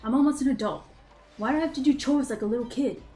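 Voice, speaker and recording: A woman's voice: sits high, quick pace, dark tone, faint music behind, pitched above the performer's own voice, natural voice, poor audio. A woman voicing a bitter, resentful young man with a British accent, reading his diary aloud and swearing. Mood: angry.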